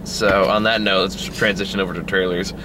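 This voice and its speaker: A man's voice: deep voice, little pitch movement, brisk, noisy background. A young man co-hosting a casual movie review chat, swearing freely and mimicking characters in silly voices. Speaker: podcast co-host.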